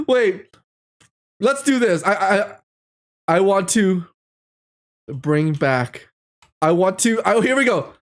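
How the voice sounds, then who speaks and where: Streamer cracking up over ai stories, slow drawl, voice bouncing all over. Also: mid-range voice, lively intonation. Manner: giggly, bursts into laughter often; incredulous, exclaiming. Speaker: streamer reading AI-written stories. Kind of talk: casual reading aloud with reactions.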